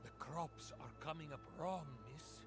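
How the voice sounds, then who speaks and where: A man's voice: a little high, measured pace, over music, lightly acted. An actor voicing a desperate male farmer in a video game, pressing for grain. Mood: pleading.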